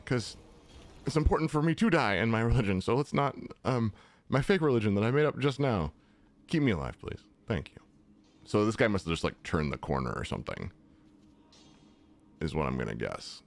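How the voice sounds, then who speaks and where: A young man narrates his own playthrough in a loose, joking way, often chatting to the creatures he fights. His pitch swings widely from low mutters to high exclamations. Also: lively intonation, a little fast, long pauses, soft background music. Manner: chatty, jokey, talks to enemies. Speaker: gaming channel host. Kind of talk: casual let's-play commentary.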